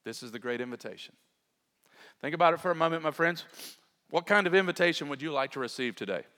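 A man's voice: a little high, lively intonation, quick pace, sharp tone, long reverb tail. A man preaching a sermon in an earnest, emphatic way, often turning to talk straight to his congregation. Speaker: pastor.

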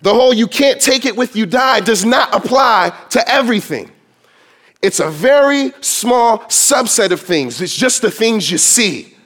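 A man's voice: very high voice, animated, unhurried, a bit bright. A man preaching a sermon to his congregation, emphatic and quoting scripture in dramatic voices. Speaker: pastor.

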